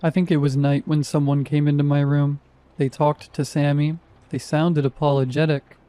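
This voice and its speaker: A man narrating a first-person horror story in a calm, measured, scripted style. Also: a little high, clean tone, dry recording.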